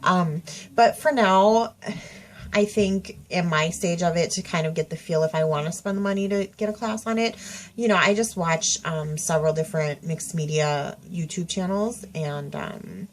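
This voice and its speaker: A woman's voice: on the low side, normal speed, slight background noise. A woman, stuffy-nosed, rambling through a casual tag video at home with lots of fillers and self-corrections. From Minnesota. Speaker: craft vlogger. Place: home craft room.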